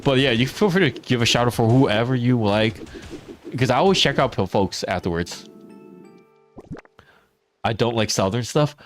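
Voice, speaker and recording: Man, casual stream chat, animated pitch, giggly, soft background music. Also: moderate pace, pauses often. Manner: chatty, laughs often, reads and answers chat. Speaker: teacher. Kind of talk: casual live-stream chat while gaming.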